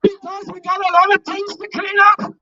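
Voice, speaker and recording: Fiery rally speaker, very high voice. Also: little pitch movement, normal speed, sharp tone, a little hiss or hum. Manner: fiery, leads call-and-response chants. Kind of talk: political rally speech. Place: outdoor street rally. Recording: muffled lo-fi rally recording.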